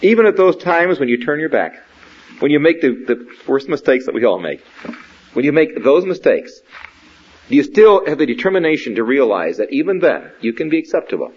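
A man giving a sermon in an earnest, questioning, measured way, speaking directly to a young believer. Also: on the high side, sing-song, a little mellow, slightly rough. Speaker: preacher. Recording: dull lo-fi recording.

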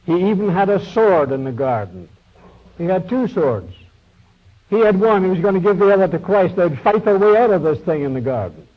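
Man preaching, chatty storytelling sermon, kinda high voice, muffled old-tape sound. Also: animated, normal speed. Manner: folksy storytelling, quotes figures in small voice shifts. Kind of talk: sermon retelling a Bible story. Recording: dull lo-fi recording.

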